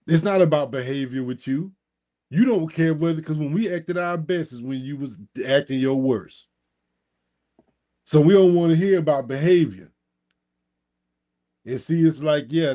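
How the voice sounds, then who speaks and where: A man commentating on a live stream, mocking and sarcastic, his voice jumping up high when he scoffs and talking straight at his audience. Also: measured pace, long pauses, mellow. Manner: talks directly to the audience. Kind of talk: reacting to a replayed live stream.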